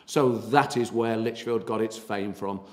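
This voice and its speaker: A man's voice: on the low side, measured pace. A man from England, a tour guide and local historian, giving a chatty public talk full of fillers and anecdotes. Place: meeting hall. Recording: reverberant hall from far off.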